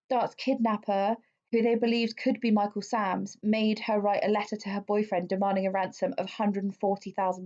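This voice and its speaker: A woman's voice: mid-range voice, darkish tone. A woman, co-hosting a podcast and recounting a true-crime case in a chatty, swear-laden way. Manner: chatty, swears freely, many fillers. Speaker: podcast co-host. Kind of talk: casual true-crime storytelling. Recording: dull lo-fi sound.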